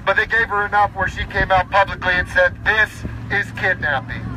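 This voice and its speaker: A man's voice: high voice, little pitch movement, brisk, pushed and bright, slight background noise, rough recording. A man giving an impassioned speech at an outdoor protest, reading rules aloud and then bluntly rebutting each one. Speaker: protest speaker, parent.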